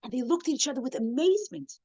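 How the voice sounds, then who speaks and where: A woman's voice: sits high, animated, fast, creaky, no echo, lo-fi sound. Heartfelt woman telling a story, dry sound. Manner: heartfelt, tells a story with quoted voices, softens to near-whisper at the end. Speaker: guest speaker. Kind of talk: emotional storytelling talk.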